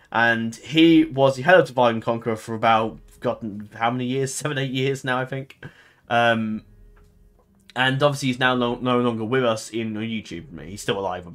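A man's voice: medium pitch, a bit bright. A man hosting a gaming channel, chatting casually to his viewers in a rambling, hesitant way, often correcting himself and filling gaps with ums.

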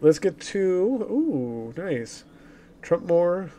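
A man's voice: fairly high pitch, animated, slow pace, mellow, a little hiss or hum. Sick, coughing male streamer. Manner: upbeat, chatty announcer of giveaways. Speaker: streamer host. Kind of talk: casual livestream chat.

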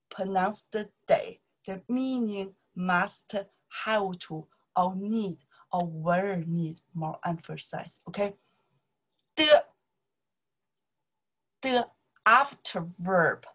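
A woman's voice: medium pitch, husky, low-quality recording. A woman with a Chinese accent teaching an online language lesson, repeating words and checking in with "okay?" and "right?". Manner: repetitive, drilling pronunciation and checking with "okay? right?".

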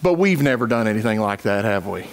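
A man's voice: lowish voice, big pitch swings, fast. A middle-aged man preaching a sermon and reading scripture aloud, with folksy, chuckling asides to his congregation and frequent restarts. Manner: stumbles and repeats words as he talks. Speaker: pastor.

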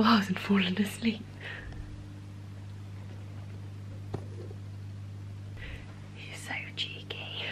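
A woman giving a whispered vlog update at home at night, hushed and playful. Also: medium pitch, low-quality recording. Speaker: vlogger. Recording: audible hum behind.

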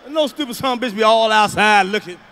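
A man doing a loud, profane stand-up comedy routine, telling stories with sudden shouts. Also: high voice, fast, clear, resonant tone.

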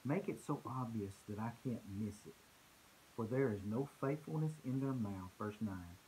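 A man's voice: medium pitch, moderate pace, mellow, slight background noise, low-quality recording. A man preaching a conversational sermon in church, earnest, often repeating words as he restarts a thought.

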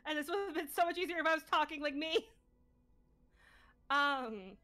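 A high, bright-voiced, scatterbrained adventurer, as a woman puts on a character voice rambles through a recap of a tabletop game. The talk is blunt and forgetful, loses track mid-sentence, and drops casual swears along the way. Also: moderate pace. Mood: rambling.

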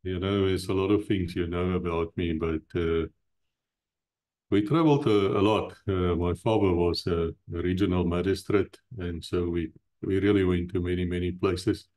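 A South African man with a low voice hosts in a loose, joking way and pokes fun at himself. His tone is dark and mellow. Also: fairly even intonation, normal speed. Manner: jokey, rambling, self-mocking. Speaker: host. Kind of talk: casual chat, channel intro.

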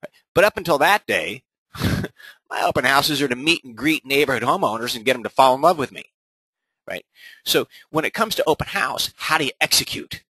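Bright, forceful man coaching a webinar. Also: mid-range voice, a little fast, husky, no room sound, low-quality recording. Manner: energetic, punchy delivery that keeps asking "right?". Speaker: real estate agent coaching other agents. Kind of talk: recorded sales-training webinar.

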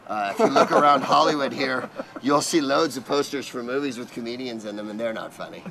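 A man's voice: medium pitch, brisk, creaky, a loud crowd. A joking, wisecracking man giving casual advice outdoors in a city. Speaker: adviser. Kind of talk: casual chat.

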